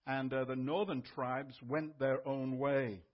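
A man's voice: mid-range voice, little pitch movement, slow, lo-fi sound. A male pastor giving a sermon in a conversational teaching manner.

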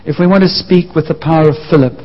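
A man's voice: on the high side, steady tone, quick pace. A man preaching a sermon, sharing his own story in an earnest, personal way. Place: church. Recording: muffled echoing church hall.

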